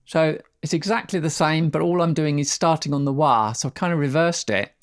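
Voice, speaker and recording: A man's voice: fairly high pitch, a little fast, hardly any pauses. A man teaching didgeridoo rhythms in a casual, rambling way, sounding out syllables as he explains.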